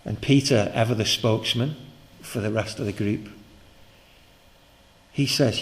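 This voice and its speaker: A man preaching a sermon. He retells the story with energy, asks his listeners questions, and rises in pitch and volume at the exciting parts. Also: a little slow, pauses often, rough recording. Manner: storytelling, growing loud and high when excited.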